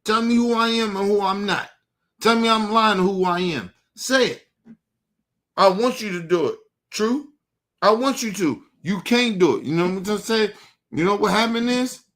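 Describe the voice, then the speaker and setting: Man, heated profane rant, repetitive, confrontational, voice a touch high. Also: moderate pace, a bit bright. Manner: confrontational, addresses his target directly. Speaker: show host. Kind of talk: heated monologue to the audience.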